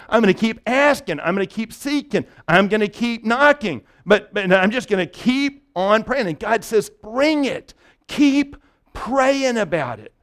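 High-voiced man preaching a sermon. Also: a bit bright. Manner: conversational preaching with frequent restarts and "right?" asides. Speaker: pastor.

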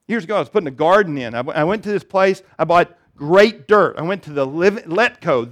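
High-voiced pastor preaching with humor. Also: male voice, a bit bright. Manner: storytelling, self-deprecating humor, rising emphatic appeals. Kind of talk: sermon.

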